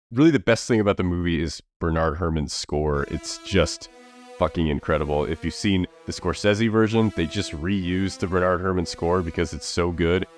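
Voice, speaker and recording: A man co-hosting a podcast, chatting casually about films with lots of fillers and restarts. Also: low voice. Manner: rambling, many fillers and restarts. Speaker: podcast co-host reviewing movies. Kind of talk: casual movie review chat.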